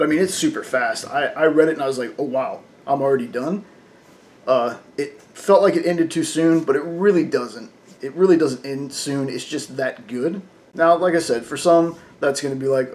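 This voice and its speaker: A man's voice: on the high side, a little mellow. A man reviewing a comic book in casual talk, chatty and full of fillers, often laughing.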